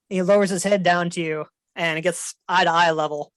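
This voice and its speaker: A man narrating as game master of a tabletop game, relaxed and descriptive with fillers. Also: high voice, brisk, clean tone, dry recording.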